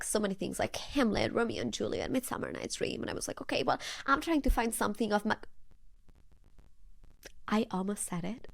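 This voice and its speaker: A woman from Spain hosting a podcast, telling stories in a chatty, animated way with many fillers. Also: a little high, no echo, clean studio sound. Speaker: podcast host. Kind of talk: casual chat.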